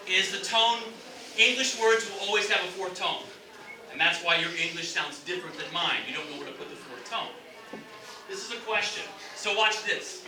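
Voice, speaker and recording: Male English teacher, high bright voice, demonstrative classroom delivery, echoey distant room sound. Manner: explanatory, demonstrates intonation with exaggerated examples.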